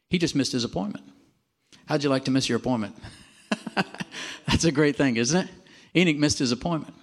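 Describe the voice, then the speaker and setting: A man preaching a sermon, animated and emphatic, calling out for amens and dropping at times to a quiet, drawn-out delivery. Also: mid-range voice. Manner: animated, calls for amens from the congregation.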